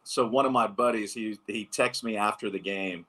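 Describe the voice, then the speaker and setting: Bright-voiced man in his thirties telling stories. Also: fairly low pitch, moderate pace. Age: 30s. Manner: animated anecdotes, many fillers. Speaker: former pro baseball pitcher, guest. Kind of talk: casual storytelling interview.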